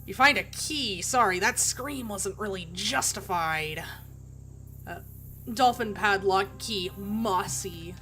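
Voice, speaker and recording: A young woman streaming a video game, commenting excitedly and gushing, with bursts of loud laughter. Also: medium pitch, slow pace, faint music behind. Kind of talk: live gameplay commentary.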